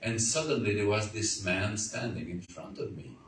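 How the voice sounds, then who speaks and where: Man giving a halting testimony in a roomy hall. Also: lowish voice, a bit bright. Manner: halting, repeats words, earnest storytelling. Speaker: guest speaker. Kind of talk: testimony to a church audience. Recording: roomy, far from the mic, faint noise.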